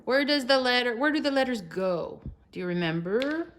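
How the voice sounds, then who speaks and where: A woman's voice: a little high, lively intonation, moderate pace, a bit bright, slight background noise. A young mother encouraging her toddlers at the table at home, cheerful and sing-song, sometimes dropping to a whisper. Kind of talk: casual home video with children.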